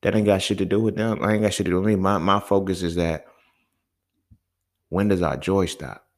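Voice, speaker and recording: Deep-voiced man ranting on a podcast. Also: fairly even intonation, a little fast. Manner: profane, heated, conversational, keeps asking "you feel me". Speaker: podcast host. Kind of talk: casual solo podcast monologue.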